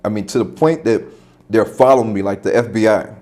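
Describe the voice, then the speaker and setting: Man, podcast guest, lowish voice, dark mellow tone, rambling anecdote with restarts. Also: brisk. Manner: retells events with repetitions and restarts. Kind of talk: casual spoken anecdote.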